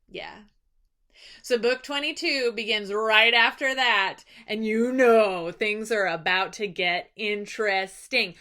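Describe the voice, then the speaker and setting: An enthusiastic young woman teacher recapping a lesson in a chatty, casual way. Her voice is bright and lively, sitting a touch high, and she talks with obvious delight. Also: takes it slowly.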